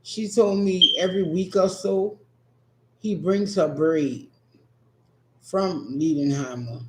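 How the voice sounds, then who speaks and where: Slow-drawling New man, echoey room. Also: sits high. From New Orleans. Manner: profane, teasing, laid-back drawl. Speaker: streamer answering chat. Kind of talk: casual livestream chat.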